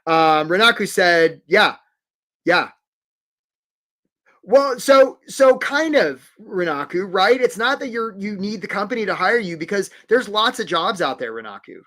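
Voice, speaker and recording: A man's voice: high-pitched, animated, moderate pace, hardly any pauses, fairly bright tone. A man coaching job seekers in a live webinar, upbeat and encouraging, calling out viewers by name.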